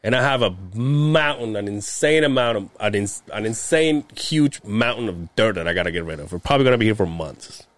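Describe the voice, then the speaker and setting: A heavy equipment operator co-hosts a podcast, rambling through work stories in casual chat, swearing often, laughing and using lots of fillers. His lowish voice is animated and brisk with hardly any pauses, recorded with no room sound.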